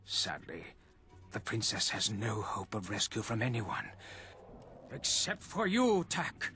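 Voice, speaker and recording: Big mystical dream spirit, bright lively voice, solemn and grand, faint game ambience. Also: male voice, slow pace, soft background music, heavily acted. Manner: solemn, booming prophecy speech.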